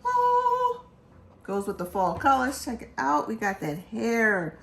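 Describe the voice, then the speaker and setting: A woman's voice: mid-range voice, moderate pace, vocal fry, slight background noise. Chatty woman hosting from an echoey room. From Philadelphia. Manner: animated, joking, chatty. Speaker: host. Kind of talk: casual chat.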